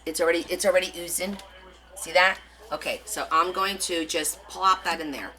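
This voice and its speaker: A woman's voice: lowish voice, steady tone, normal speed, sharp tone, rough recording. A woman hosting a live craft stream, chatting casually with her viewers and answering their comments as she demonstrates. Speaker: craft livestream host.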